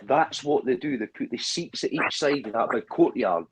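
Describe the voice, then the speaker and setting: A Scottish man co-hosting a livestream over a phone, telling animated stories and laughing often. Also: medium pitch, normal speed, slightly rough, poor audio. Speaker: livestream co-host. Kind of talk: casual chat.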